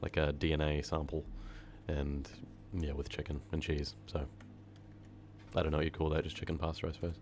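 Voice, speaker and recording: Deep-voiced New streamer chatting. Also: male voice, completely flat delivery, fairly quick, darkish tone, slight background noise. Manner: rambling, chatty, hums and sings to himself. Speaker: horror story narrator and live streamer. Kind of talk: casual live-stream chat. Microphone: streaming microphone.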